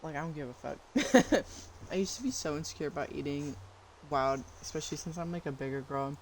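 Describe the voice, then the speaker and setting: A woman's voice: sits low, steady tone, fast talker, a little hiss or hum, rough recording. Blunt, swearing young woman streamer. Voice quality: blunt, profane, laughs easily. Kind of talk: casual chat while eating on stream.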